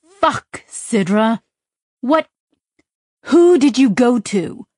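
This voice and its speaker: In a dry, studio-quality recording, a woman narrator speaks at a measured pace with a medium-pitched, expressive voice. Her character is an agitated adult woman, sharp and frantic, pressing insistently with swearing questions whose urgency climbs almost to shouting.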